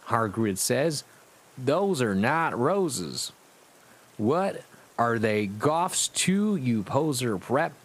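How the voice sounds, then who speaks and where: A man putting on a surly gothic teen girl with a put-on American Southern accent, reading fan fiction aloud in a slow, drawn-out drawl as a comic dramatic reading. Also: medium pitch. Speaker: streamer.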